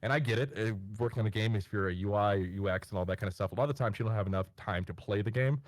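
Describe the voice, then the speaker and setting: A man guest on a podcast, telling rambling stories with many fillers and bursting into animated impressions. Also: fairly low pitch, fast talker, no room sound. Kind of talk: casual storytelling chat.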